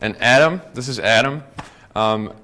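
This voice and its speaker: A man giving a lively talk to a live conference audience, often checking in with "right?" and "okay?". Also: mid-range voice, a little slow. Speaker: conference speaker.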